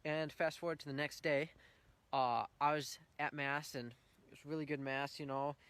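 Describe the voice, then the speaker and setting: A man's voice: fairly high pitch, little pitch movement, normal speed, fairly bright tone, clean tone, no room sound. A young man giving an earnest, heartfelt personal faith testimony at church, telling his story with swells of feeling.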